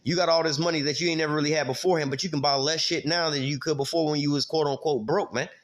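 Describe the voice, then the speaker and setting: A man's voice: a little high, fairly even intonation, racing. A man teaching a Bible passage in a loose, conversational way, full of street slang, filler words and casual cursing. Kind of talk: informal scripture teaching.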